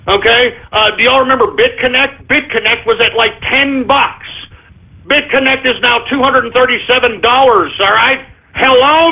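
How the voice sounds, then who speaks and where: A man ranting as host of an internet radio show, exasperated, swearing and tripping over his words. His voice sits high for a man and has a gravelly, husky edge. It comes through a tinny, phone-like stream. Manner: exasperated, cursing, talks to "folks", stammering restarts.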